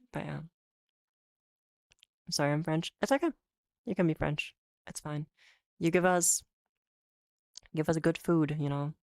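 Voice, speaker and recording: A European woman with a notably low voice talks to her stream chat in a loose, rambling way. She laughs often and stumbles into restarts, and the sound is dry and close, with no room around it. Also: creaky, a little mellow, no room sound. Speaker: VTuber streamer. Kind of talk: casual chat reading viewer comments.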